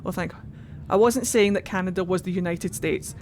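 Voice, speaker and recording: A woman's voice: on the low side, moderate pace, darkish tone, a little hiss or hum. A young Scottish woman streaming a game, chatting casually and animatedly, laughing often and swearing now and then. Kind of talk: casual gameplay commentary.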